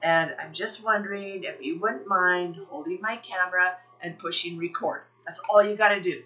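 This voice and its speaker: A woman with a bright, forceful voice hosts a podcast and tells a personal story. She sounds animated and keeps cheering herself on, laughing as she goes. The recording is a little dull and lo-fi. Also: fairly low pitch, normal speed. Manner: animated, self-encouraging, laughs often. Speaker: podcast host and presenter.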